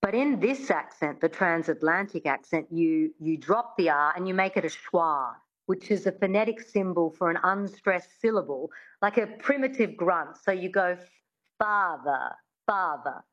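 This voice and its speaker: A woman work as a dialect coach, drilling words slowly and clearly for her listener to copy. The recording sounds muffled and dull. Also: lowish voice, animated. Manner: patient, demonstrative, drills words for the listener to repeat. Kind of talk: interview guest teaching an accent.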